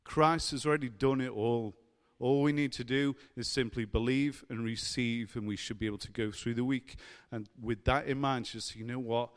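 A man's voice: mid-range voice, steady tone, normal speed, hardly any pauses. A man preaching a sermon, earnest and building to fervent emphasis. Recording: long hall reverb.

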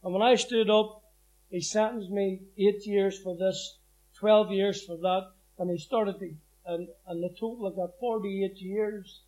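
High-voiced man telling his story. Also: steady tone, unhurried, darkish tone, poor audio. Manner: plain-spoken, vivid, acts out quotes. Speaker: former prisoner giving testimony. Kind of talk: personal testimony storytelling.

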